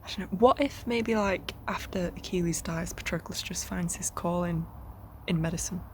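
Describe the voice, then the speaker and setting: A woman's voice: lowish voice, moderate pace, a little hiss or hum. A young woman casually recapping a novel for her reading vlog, chatty and swearing freely, often dropping into a whisper. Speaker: book vlogger.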